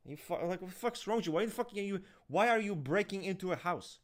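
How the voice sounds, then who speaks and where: A man in casual podcast talk, ranting and swearing heavily in an animated way. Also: sits high, fast, hardly any pauses. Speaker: podcast co-host. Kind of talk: heated casual discussion.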